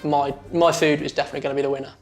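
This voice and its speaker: Man bragging about his dinner, cocky, a bit high voice, music faint behind. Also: little pitch movement, very fast. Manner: boastful, cocky. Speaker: dinner party host, logistics manager. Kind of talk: casual confident talk to camera.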